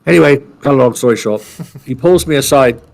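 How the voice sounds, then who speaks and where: Man, podcast co-host, gravelly voice, casual storytelling, blunt, salty, rambling. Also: mid-range voice, brisk, a little mellow.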